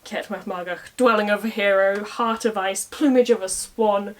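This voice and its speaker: A woman's voice: medium pitch, fairly even intonation, normal speed, lightly acted. A woman voicing a confident male hero who speaks with cocky, dramatic swagger.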